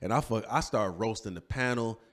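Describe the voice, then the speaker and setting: A man's voice: lowish voice, a little fast, crowd noise. Man, casual chat. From Detroit, USA. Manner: loose, profane storytelling with slang. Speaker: comedian and show host.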